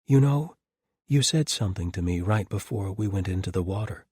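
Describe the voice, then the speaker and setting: A man voicing an earnest, tender young nun in an audiobook, raising and softening his voice for her. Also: lowish voice, lively intonation, normal speed, husky, no room sound.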